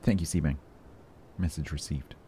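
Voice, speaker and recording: A man's voice: rumbling low, normal speed, mellow, slight background noise. A man streaming a game, chatting casually with his chat and reading update notes aloud, breaking off to joke and answer questions.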